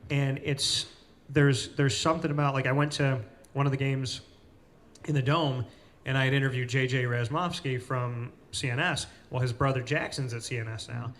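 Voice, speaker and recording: A man hosting a casual interview in a cafe, telling stories with lively retellings of what people said. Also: medium pitch, normal speed. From Central New York. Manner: animated storyteller, acts out quoted people. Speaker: host.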